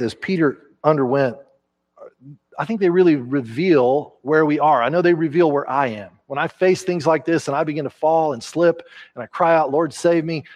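A man, a pastor preaching a conversational sermon in a church, growing animated as he acts out quotes. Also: fairly high pitch. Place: church sanctuary.

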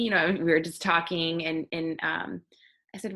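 A woman's voice: fairly low pitch, steady tone, normal speed, creaky, long pauses, pushed and bright. A woman hosting an interview, talking in an earnest and reflective way. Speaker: host. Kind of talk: conversational interview.

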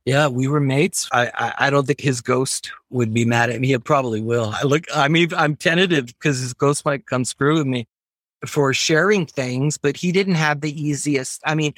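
An American man, a professor, talking in a casual interview with animated, emphatic, digressive speech. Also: mid-range voice, moderate pace, no echo, studio quality. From United States. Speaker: professor, podcast guest.

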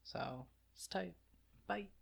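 A man's voice: sits high, slow pace, vocal fry. A man narrating a casual film review with chatty, offhand asides.

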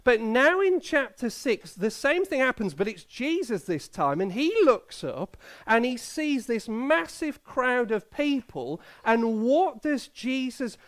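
Chatty high-voiced preacher. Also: male voice, big pitch swings, unhurried, fairly bright tone. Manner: chatty and playful, quizzing the children and the congregation. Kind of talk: Bible reading and children's talk in a church service.

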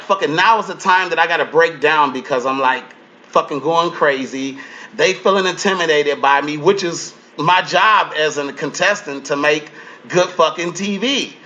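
High, bright-voiced man telling wild stories. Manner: profane, acts out quotes in changing voices. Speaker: comedian guest. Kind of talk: animated storytelling.

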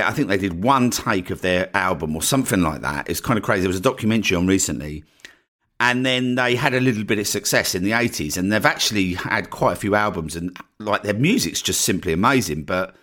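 A podcast host with an Essex accent talks to his listeners in a loose, chatty solo style. His voice sits a little low, and he keeps tagging his points with a quick "right?". The delivery is relaxed and unscripted, like he is talking things through off the cuff. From northeast Essex, England. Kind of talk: casual solo podcast talk.

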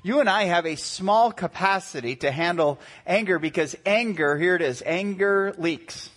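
Man, 40s, pastor, high voice, lively sermon delivery, acts out quotes. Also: moderate pace.

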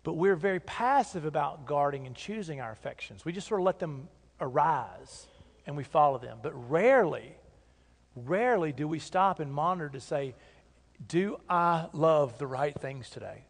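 A pastor delivers a sermon in an earnest, conversational way, leaning on emphatic repeats. His voice sits high for a man. The church sanctuary gives it a long reverb tail. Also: expressive, moderate pace.

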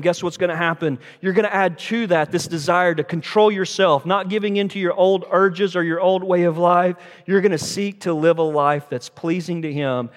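A man preaches from the pulpit in a slightly higher register, talking through the sermon conversationally and tossing rhetorical questions to the congregation. The sound carries a long reverb tail from a large church sanctuary. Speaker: pastor.

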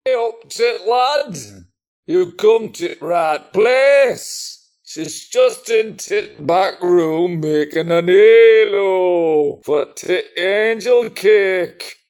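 A blunt, gruff local with a broad, put-on northern English accent who clips his words , as a man acts him out. He speaks high and drags every word out very slowly. It is a comic radio sketch. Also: a little mellow, exaggerated voice. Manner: drawling, clipped words. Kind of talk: amateur radio comedy sketch.

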